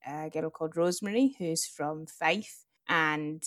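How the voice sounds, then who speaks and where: A young Scottish woman talks casually on her podcast, laughing easily between stories. Her voice sits a little low. The sound is dry and close, with no room around it. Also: unhurried, fairly bright tone, dry recording. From Scotland. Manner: chatty, laughs often. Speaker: podcast co-host.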